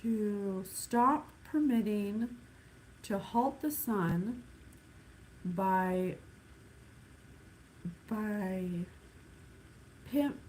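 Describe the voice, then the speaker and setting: Slow and musing, a psychic reader with a mid-range, darkish voice does a casual spirit reading to camera, sighing and thinking aloud. She halts often and lists things one at a time; the low-quality recording has a little hiss or hum.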